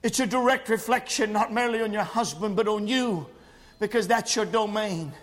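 A man delivering a sermon in a church, his voice sitting very high and rising into shouts, with many "uh" fillers between phrases. The sound rings with a long hall reverb. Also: normal speed. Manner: preaching cadence, frequent "uh" fillers, rising to shouts. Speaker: preacher. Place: church sanctuary.

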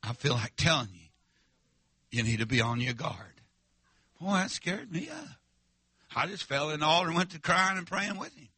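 A man's voice: fairly high pitch, big pitch swings, normal speed, long pauses, bright, forceful tone, husky, no room sound. A male preacher, telling a story in a revival sermon in a folksy, emphatic way and calling out to the congregation.

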